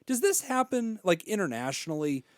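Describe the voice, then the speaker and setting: A man's voice: high-pitched, very animated, normal speed, no room sound, clean studio sound. An American man hosting a podcast, chatting enthusiastically and teasing his guests. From United States. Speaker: podcast host. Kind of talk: casual chat.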